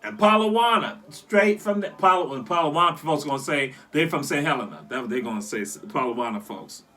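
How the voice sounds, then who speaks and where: A man from the South Carolina Lowcountry talking casually about local sayings, animated and teasing, repeating words for emphasis and laughing often. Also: brisk, recorded from a distance. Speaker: cultural commentator.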